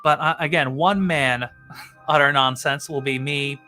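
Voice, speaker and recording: A man's voice: a little high, unhurried, faint music behind. A man hosting his own live stream, chatting casually with many "uh" fillers. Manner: chatty, frequent "uh" fillers, relaxed.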